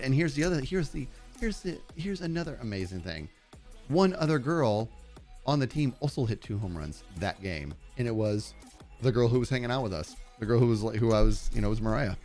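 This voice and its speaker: A man streaming a game live, telling excitable stories to his chat and narrating his play, his voice turning growly when he gets loud. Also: medium pitch, brisk, soft background music. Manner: excitable storyteller, talks to chat while playing.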